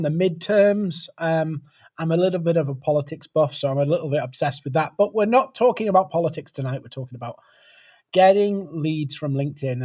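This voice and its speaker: A man's voice: fairly high pitch, darkish tone, dull audio. A man hosting a live webcast, chatting casually and greeting viewers by name. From United Kingdom. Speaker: webcast host.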